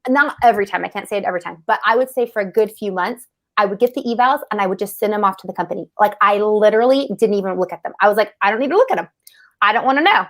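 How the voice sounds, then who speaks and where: A middle-aged woman who co-hosts a podcast tells a story about public speaking in a casual, animated way, often adding "like" and "right?". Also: medium pitch, rapid-fire. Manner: animated, frequent "like" and "right?" asides.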